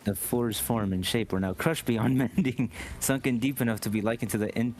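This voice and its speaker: A man voicing a calm, formal young man who speaks in lyrical phrases, as fan voice acting of a game script. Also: mid-range voice, brisk, close to an everyday voice.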